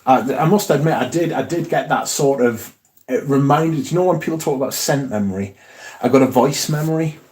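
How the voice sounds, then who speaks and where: A man with a mellow, warm, relaxed voice hosts a casual livestream from home. He rambles, swears freely and reads viewer comments aloud between his own asides. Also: mid-range voice, brisk. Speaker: fragrance livestream host.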